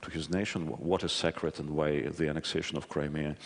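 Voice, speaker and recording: Very deep-voiced man speaking in a hall. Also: flat delivery, brisk, creaky. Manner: hesitant, many fillers and restarts. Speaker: conference speaker. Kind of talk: conference talk.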